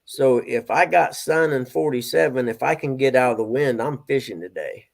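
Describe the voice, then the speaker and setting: A man's voice: medium pitch, normal speed, gravelly. A middle-aged man hosting a casual live stream, chatting and greeting viewers by name. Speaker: stand-in host of a live stream.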